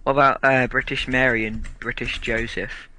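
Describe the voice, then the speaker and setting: Bright sharp-voiced guy chatting on a cheap mic, keeps giggling and restarting words. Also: medium pitch, level tone, normal speed, poor audio. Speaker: podcast co-host. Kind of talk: casual chat. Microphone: cheap home mic.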